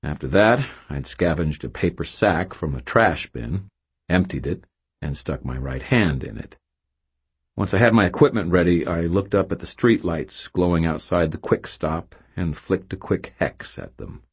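Deep, very clear-voiced male narrator. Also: animated, measured pace. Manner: wry, self-mocking storytelling. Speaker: audiobook narrator. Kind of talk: first-person novel narration.

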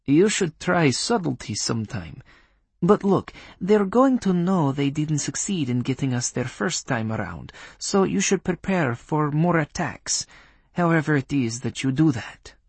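A man's voice: on the high side, lively intonation, measured pace, breathy edge, no echo, voice pushed up, heavily acted. A man voicing a stern, commanding woman witch leader with a Polish accent, speaking in a clipped, formal, scolding way.

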